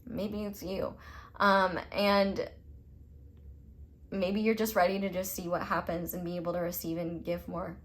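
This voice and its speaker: A woman's voice: on the low side, little pitch movement, measured pace, long pauses. A young adult woman giving a casual tarot reading, rambling and gushing, filling her talk with "like" and some swearing. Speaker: tarot reader. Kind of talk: casual pick-a-card reading.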